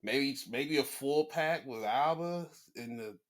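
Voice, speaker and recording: A man hosting a casual sports podcast, rambling and swearing, often jumping into excited, high-pitched rants. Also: takes it slowly. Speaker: podcast host. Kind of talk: casual wrestling chat.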